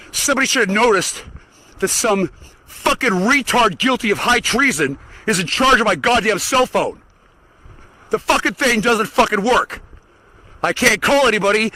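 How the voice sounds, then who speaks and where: Male solo ranter, furious and foul-mouthed, vocoder effect, sharp tone. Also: high-pitched, low-quality recording. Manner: angry, profane, swearing constantly. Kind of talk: solo ranting monologue.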